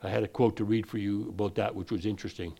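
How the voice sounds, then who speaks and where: A man's voice: on the low side, fairly even intonation, fast, gravelly, warm tone. A man preaching a sermon, wandering and restarting his sentences, then pushing his voice up hard on the points he wants to land. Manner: digressive, frequent restarts, rising emphasis on key points.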